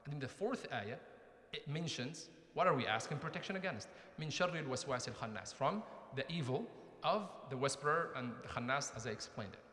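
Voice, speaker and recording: Brisk and expressive, a man's medium-pitched voice sounds pushed and bright as he gives a conversational mosque lecture full of questions to the audience. The mosque hall recording is echoey with long reverb.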